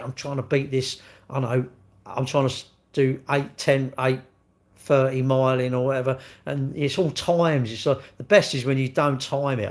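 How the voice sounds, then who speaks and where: A man, chatting casually on a live stream and telling rambling, sweary stories while answering viewers. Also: medium pitch. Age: 60s.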